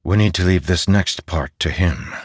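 A man's voice: low voice, moderate pace, slightly rough, dry recording, clean studio sound. A man doing a weary young soldier. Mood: relieved.

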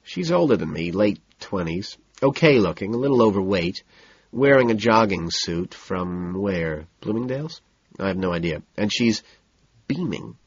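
A man narrating a novel in the first person, in a cool, measured, deadpan manner. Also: sits low, breathy edge, dry recording, highs cut off. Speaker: audiobook narrator.

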